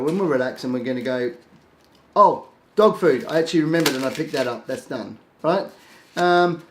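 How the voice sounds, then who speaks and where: A man teaching a productivity tip in a casual, lively way, acting out his own thoughts in quick asides. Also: fairly high pitch. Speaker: productivity coach. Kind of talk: casual instructional talk to camera. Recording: echoey room.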